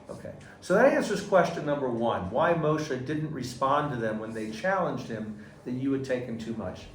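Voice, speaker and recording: A man's voice: medium pitch, a little hiss or hum. A man teaching a Torah lesson to a class, asking questions and acting out quotes with rising energy. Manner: animated, asks the class questions, acts out quotes loudly. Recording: echoey room, mic far off.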